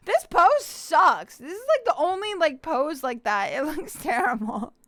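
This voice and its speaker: A woman's voice: sits high, big pitch swings, unhurried, few pauses, a bit bright, no room sound. A young woman streaming live, chatting casually and giggling with her viewers, slipping into a cutesy puppy-girl act. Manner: bubbly, giggly, talks to chat and plays a cutesy puppy-girl persona.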